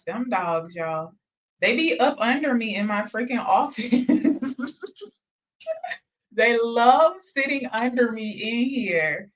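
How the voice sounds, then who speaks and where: A woman's voice: fairly high pitch, a bit bright, recorded from a distance, muffled recording, slight background noise. A woman hosting a reaction channel from her home office, sassy and mocking, talking straight to her viewers. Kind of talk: casual reaction commentary.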